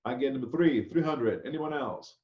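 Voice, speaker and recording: A man's voice: mid-range voice, moderate pace. A man, a chef instructor teaching an online class in a loose, chatty way, often checking in with "okay?". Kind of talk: casual online class lecture. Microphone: video call. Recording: echoey, dull video-call audio.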